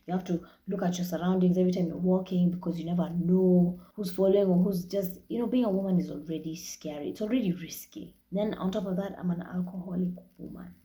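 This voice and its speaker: A woman's voice: on the low side, mellow. A young Kenyan woman hosting her own podcast, talking candidly and with plenty of swearing, slipping Swahili phrases into her English. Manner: frank and profane, mixing in Swahili phrases. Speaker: podcast host. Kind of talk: candid solo podcast monologue.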